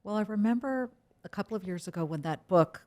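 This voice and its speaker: A woman's voice: mid-range voice, a little fast. A middle-aged woman, a TV news anchor, speaking frankly and emphatically as an interview guest. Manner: frank, emphatic, animated storytelling. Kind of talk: casual interview conversation.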